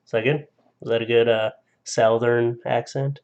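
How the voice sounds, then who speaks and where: Young male streamer, casual and rambling, easy laugh, mid-pitched voice. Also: steady tone, moderate pace, a little mellow. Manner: casual, rambling, laughs often, stumbles over names. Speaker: live streamer. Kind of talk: casual live-stream chat reading viewer stories.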